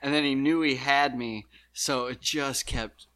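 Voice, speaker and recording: A man's voice: medium pitch, steady tone, unhurried, pushed and bright. A man chatting casually on a comedy podcast, laughing often and telling stories animatedly. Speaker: podcast co-host.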